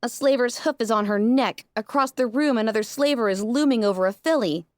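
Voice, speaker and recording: Impassioned high-voiced woman narrator. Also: brisk, dry recording, clean studio sound. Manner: emotional, impassioned delivery. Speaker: audiobook narrator. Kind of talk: first-person fan fiction audiobook reading.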